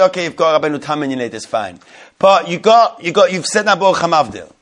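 A man's voice: fairly high pitch, very animated, fast, a bit bright. A man teaching a religious law class to a live group, repeating key points and putting questions to his listeners.

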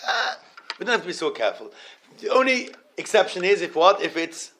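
A man's voice: high-pitched, big pitch swings, a little fast, bright, forceful tone. A man giving an informal Torah class. He stops and repeats words, mixes Hebrew terms into his English, and asks his students questions.

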